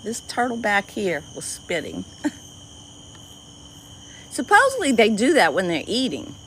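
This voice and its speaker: A woman with a Cajun accent and a squeaky voice, chatting casually with viewers on a livestream from an outdoor dock at night. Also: huge pitch swings, unhurried, slight background noise, rough recording. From Louisiana. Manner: chatty, greets viewers by name, easily delighted. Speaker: livestream host. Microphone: phone livestream.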